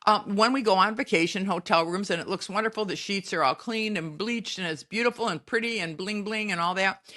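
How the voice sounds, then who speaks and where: A middle-aged woman with a bright, ringing voice delivers a spiritual advice monologue. She lectures in a folksy, emphatic way and scolds her listeners as she goes. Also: mid-range voice. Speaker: podcast host.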